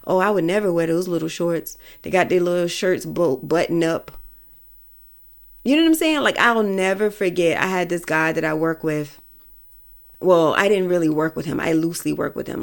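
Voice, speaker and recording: Woman, podcast host, gravelly voice, blunt, vulgar, emphatic opinion talk. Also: fairly low pitch. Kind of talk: casual opinion monologue.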